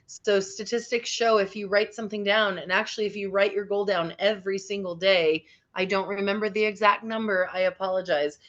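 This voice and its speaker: A woman teaching a session on people skills to teens, chatty and encouraging, with many asides. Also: mid-range voice. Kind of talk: classroom lesson over video call. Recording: dull lo-fi audio.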